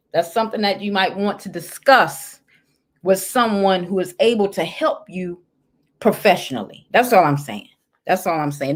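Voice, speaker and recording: Sassy woman host reading confessions. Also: medium pitch. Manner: sassy, animated, talks straight to the listener. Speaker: host and life coach. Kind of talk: casual chat reading listener confessions.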